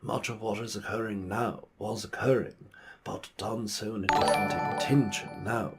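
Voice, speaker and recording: A man channeling a grandiose male alien entity in a put-on foppish British accent, lecturing slowly and earnestly. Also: on the low side, flat delivery, over loud music, lightly acted. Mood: solemn. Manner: slow, earnest, New Age lecturing. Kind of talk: played channeling video.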